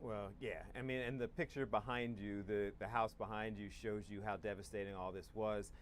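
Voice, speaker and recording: A male TV news anchor with a fairly low voice, chatting in a conversational, upbeat way. He wraps up a segment and sends the show to a break. Faint ambience sits behind him. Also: steady tone, normal speed, slight background noise. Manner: conversational, upbeat wrap-ups.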